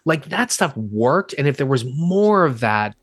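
A man's voice: medium pitch, very animated, measured pace, fairly bright tone, breathy edge, dry recording, studio quality. A man co-hosting a podcast, retelling movie scenes in a rambling, exasperated way. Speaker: podcast co-host. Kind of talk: casual movie review chat.

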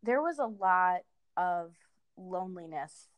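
A middle-aged woman speaking as a guest in a casual conversation, pausing often and restarting her sentences. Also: on the low side, expressive, no room sound, narrow, tinny audio. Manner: halting, many fillers and restarts.

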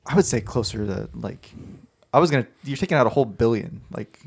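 Fast talking podcast guy riffing with friends, says like a lot. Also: mid-range voice, lively intonation, vocal fry, husky. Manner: talkative, speculative, lots of "like". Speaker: podcast co-host. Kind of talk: casual chat.

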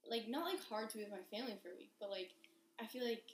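A woman's voice: fairly high pitch, quick pace, slight background noise. Chatty young woman in an echoey room. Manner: chatty, lots of fillers. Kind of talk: casual chat among friends.

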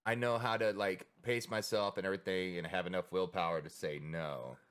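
A man's voice: low voice, fairly even intonation, fairly quick, a bit bright, smooth. A man co-hosting a podcast, talking in a loose, rambling way with lots of swearing and acted-out quotes. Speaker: podcast co-host. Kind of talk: casual chat.

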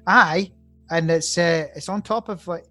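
Male podcast co-host, a bit high-pitched, deadpan headline reader, faint music bed. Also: a little slow. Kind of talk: casual banter.

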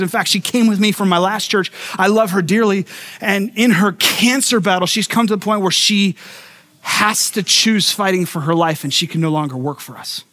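A middle-aged male pastor preaching a sermon, telling a personal story with acted-out quotes and stumbling restarts. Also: sits high. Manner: animated storyteller who acts out quotes and repeats words.

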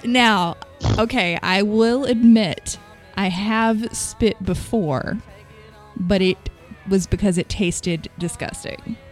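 A woman's voice: medium pitch, takes it slowly, faint music behind. A woman in casual chat, joking and candid and laughing often.

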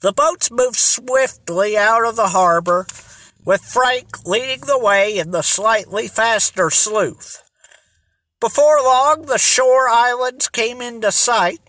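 A reader narrating a children's mystery novel in an even, unhurried storytelling manner. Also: medium pitch, dry recording. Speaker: audiobook reader. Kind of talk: reading aloud a children's mystery.

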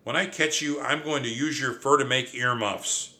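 A man voicing a fierce, hot-tempered young female mouse who yells in a shrill voice in an audiobook. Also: steady tone, moderate pace, echoey room. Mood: furious. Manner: shrill, yelling. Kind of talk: audiobook character voice.

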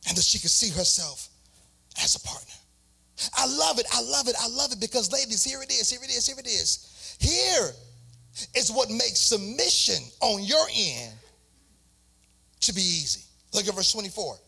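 A man's voice: very high-pitched, sing-song, moderate pace, vocal fry, pauses often, pushed and bright, slightly rough. A man preaching a sermon as pastor, in a sing-song cadence with repeated phrases.

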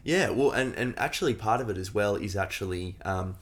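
A man hosting a podcast in casual chat, talking in a lively, quick way and acting out examples. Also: lowish voice. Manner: animated, quick, acts out examples. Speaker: podcast host.

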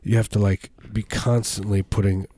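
A man's voice: on the low side, little pitch movement, normal speed, mellow, slight background noise. A man co-hosting a podcast, rambling through comic riffs with lots of fillers. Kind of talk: casual comedic banter.

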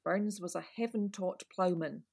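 A woman's voice: on the low side, normal speed, gravelly, darkish tone, breathy edge, dry recording, clean studio sound. A Scottish woman explaining things at length in a casual chat, a bit like a lecture.

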